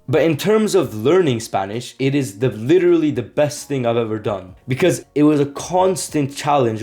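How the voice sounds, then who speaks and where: A man's voice: mid-range voice, a little mellow. A man vlogging to camera in a casual, rambling way, often restarting words mid-sentence. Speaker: language-learning vlogger.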